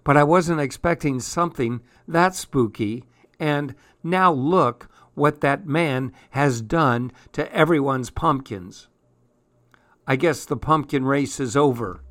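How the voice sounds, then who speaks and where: A man's voice: mid-range voice, slow, fairly bright tone. A man voicing a bored young girl who wants a scare, reading a storybook aloud. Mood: earnest.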